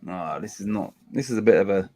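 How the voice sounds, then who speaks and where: A man, hosting a casual live watchalong of a football match. He complains about dull play and gets excited during attacks. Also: on the low side, a little fast. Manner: chatty, groans at a dull game, excited bursts at attacks. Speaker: watchalong host.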